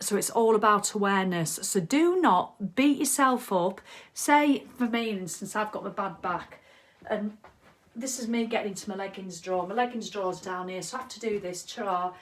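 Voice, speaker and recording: A middle-aged woman chatting casually on a live video as a wellness coach, reading out viewer comments. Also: mid-range voice. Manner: chatty, animated, reads viewer comments aloud. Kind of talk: casual live-stream chat.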